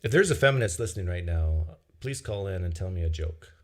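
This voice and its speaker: Deadpan joking male stream host. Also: sits low, brisk. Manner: deadpan, mock-serious jokes. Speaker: host of a live-stream call-in show. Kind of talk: joking live-stream chat. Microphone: video-call style live stream.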